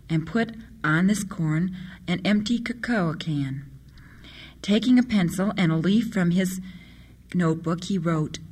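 A woman narrating a storybook in a steady, measured reading. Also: on the low side, husky.

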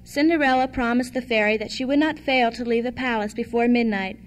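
A woman reading a fairy tale aloud as storyteller, in an even, measured way. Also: a little high.

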